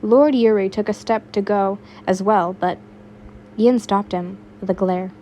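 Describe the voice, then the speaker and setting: A woman's voice: mid-range voice, steady tone, measured pace, warm tone, slight background noise. A young woman reading fan fiction aloud in a casual way, stumbling now and then and adding her own asides. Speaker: fanfiction reader.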